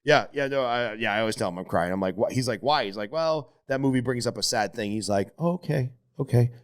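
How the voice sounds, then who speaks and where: A middle-aged man hosting a podcast, chatting casually and swearing, telling stories with his voice jumping up high when he gets emotional. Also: fast. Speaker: podcast host. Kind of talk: casual conversation.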